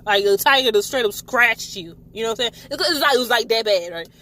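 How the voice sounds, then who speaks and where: A woman casually recapping a TV episode, animated and swearing freely. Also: a little high, fast. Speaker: TV show reviewer.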